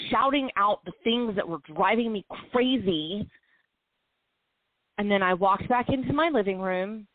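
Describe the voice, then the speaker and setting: A woman's voice: lowish voice, no room sound. A woman co-hosting a talk show, telling a personal story in a candid, emotional way. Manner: emotional, heartfelt, quick bursts and slow stretches. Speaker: podcast co-host. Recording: tinny phone-line sound, dry.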